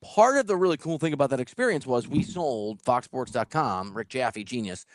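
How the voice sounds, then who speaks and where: A man hosting a podcast, telling stories in casual chat with an animated, laughing delivery. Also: medium pitch, normal speed, no room sound, studio quality. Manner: animated, laughing storyteller who swears. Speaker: podcast host.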